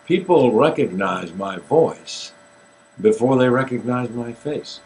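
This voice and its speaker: An older man with a Southern American accent, an actor and co-host chatting in a relaxed, self-deprecating way. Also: medium pitch, slow pace, a little hiss or hum, poor audio. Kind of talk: casual chat.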